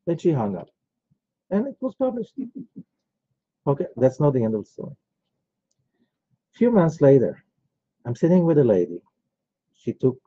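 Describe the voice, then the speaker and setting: A man's voice: medium pitch, warm tone, breathy edge, dry recording. A man, a rabbi, teaching a class in a conversational way, telling personal stories with many asides. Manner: conversational, rambling, with frequent asides. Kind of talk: informal lecture with storytelling. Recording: dull, lo-fi recording.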